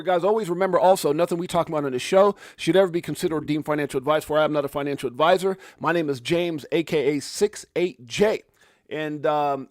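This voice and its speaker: A middle-aged man hosts a live crypto market show in a loose, joking way, swearing casually and greeting viewers by name. His voice sits a touch high for a man. The sound is dry and close, with no room around it. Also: no room sound. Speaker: crypto livestream host.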